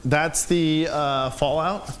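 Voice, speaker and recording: A man's voice: fairly high pitch, steady tone, takes it slowly, slight background noise. A man demonstrating products on a livestream, explaining his process in a rambling, casual way. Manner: rambling, restarts while explaining. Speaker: guest detailer. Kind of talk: livestream Q&A chat.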